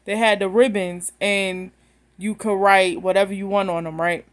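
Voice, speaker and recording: A woman's voice: medium pitch, fairly even intonation, moderate pace. A woman, telling a story bluntly and with animation straight to her phone camera. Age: 30s. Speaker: vlogger.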